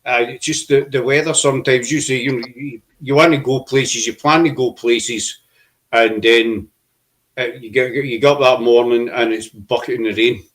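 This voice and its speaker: Middle-aged Glaswegian host, chatty storyteller, mid-pitched voice, lots of restarts. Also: male voice, fairly even intonation, moderate pace, poor audio. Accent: Glaswegian Scottish. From Scotland. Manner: rambling, anecdotal, with restarts and local slang. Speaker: podcast host. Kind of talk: casual chat.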